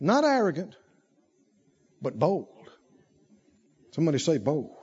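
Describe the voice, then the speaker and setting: A man preaching a sermon, shifting from low asides to loud shouted climaxes and stretching out emphatic phrases. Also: huge pitch swings, husky, lo-fi sound. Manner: drawls emphatic phrases slowly.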